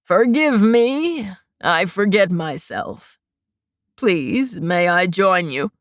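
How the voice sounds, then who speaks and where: A woman's voice: medium pitch, lively intonation, very slow, no room sound, studio quality, pitched below the performer's own voice. A woman voicing a creepy old grandfather with a wheezing, rattly voice and a wheedling, grumbling manner.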